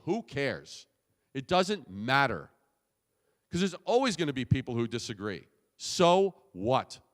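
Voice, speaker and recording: A man giving a conference keynote, punchy and emphatic, with casual swearing. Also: fairly high pitch. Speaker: keynote speaker. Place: conference hall. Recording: long hall reverb.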